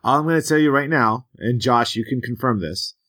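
A man's voice: medium pitch, brisk, a bit bright. A man co-hosting a casual gaming podcast, teasing in a coy, hesitant way full of fillers. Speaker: podcast co-host.

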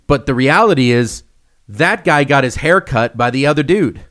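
A young man co-hosting a casual podcast, telling stories with lively swings and acting out the voices in them. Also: mid-range voice, normal speed. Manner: animated storyteller, acts out quoted voices. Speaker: podcast co-host.

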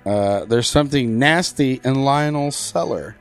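A man's voice: mid-range voice, measured pace, soft background music. A man co-hosting a casual podcast chat, joking around and throwing in silly voices. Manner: jokey, breaks into silly put-on voices. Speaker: podcast co-host.

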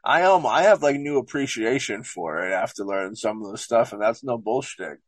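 A man's voice: medium pitch, expressive, no echo, low-quality recording. Rambling man reading and musing aloud. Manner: rambling, repeats "you know what I mean"; reads aloud haltingly with slips. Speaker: show presenter discussing a book. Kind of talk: casual reading and commentary.

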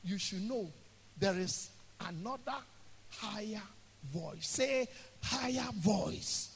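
High-voiced preacher, booming then hushed. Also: male voice, lively intonation, slow, vocal fry, slightly rough. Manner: swings from shouting to hushed, call-and-response with the congregation. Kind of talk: sermon. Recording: echoey hall.

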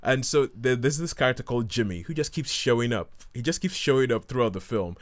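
A man's voice: medium pitch, animated, fast talker. A man hosting a casual film review chat, rambling with many restarts and acting out quotes from scenes.

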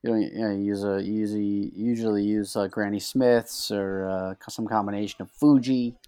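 Brief: man, laid-back podcast regular, lowish voice, reads trivia with wry asides. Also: fairly even intonation, brisk, warm tone, clean tone, no echo. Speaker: podcast co-host reading trivia questions. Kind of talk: casual banter.

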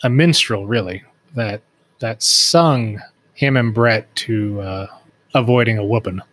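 A man's voice: fairly low pitch, unhurried, fairly bright tone. A man co-hosting a podcast, offering dry, wry comments on a book in loose, casual chat. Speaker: podcast co-host.

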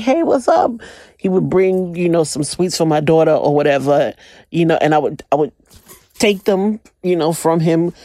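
A young woman, telling a profane, animated story in a casual monologue. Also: sits low, no room sound, clean studio sound. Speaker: commentator.

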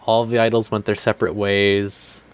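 A man's voice: on the low side, flat delivery, moderate pace, smooth. A man talking casually about anime on a podcast, rambling with lots of fillers and acting out quotes. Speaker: podcast co-host.

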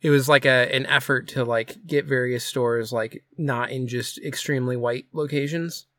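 A man's voice: mid-range voice, steady tone, normal speed, sharp tone, no room sound, clean studio sound. Hesitant man chatting on a podcast. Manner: rambling, hesitant, with many fillers. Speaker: podcast co-host; former coffee shop worker. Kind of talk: casual chat.

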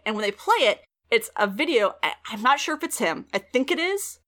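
A woman hosting a podcast, retelling TV episodes in an animated, casual way and swearing freely. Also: a little high, fairly quick, hardly any pauses. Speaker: podcast host recapping a TV show. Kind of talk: casual chat.

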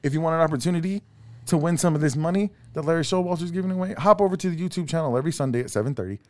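A man's voice: fairly high pitch, rapid-fire. A middle-aged man hosting a casual podcast, joking and laughing as he reads out call-in numbers and thanks sponsors. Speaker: podcast host.

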